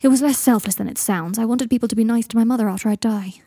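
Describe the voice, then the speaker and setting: A woman's voice: on the high side, racing, dark tone, no echo, studio quality. A woman voicing a wry, self-mocking young man, speaking dryly and flippantly. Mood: earnest.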